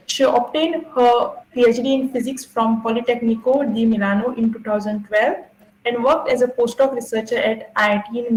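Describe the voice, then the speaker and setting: A woman's voice: on the high side, darkish tone. Woman hosting a webinar in an echoey room. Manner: reads a formal introduction, with hesitant fillers. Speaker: webinar host. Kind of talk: formal introduction. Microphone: video call.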